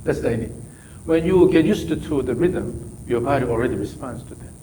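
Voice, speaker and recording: A man's voice: mid-range voice, expressive, fairly quick, warm tone, a little hiss or hum, low-quality recording. A man whose first language is Korean, coaching a golf student with short, repeated instructions. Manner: short repeated instructions, non-native phrasing. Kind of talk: coaching a student during practice.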